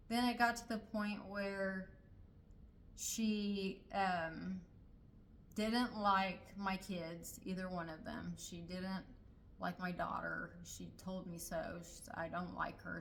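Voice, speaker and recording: Woman, middle-aged, casual storytelling, hesitant, low pitch, flat delivery. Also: a little hiss or hum, rough recording. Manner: hesitant, many fillers and restarts. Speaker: storyteller sharing a personal family story.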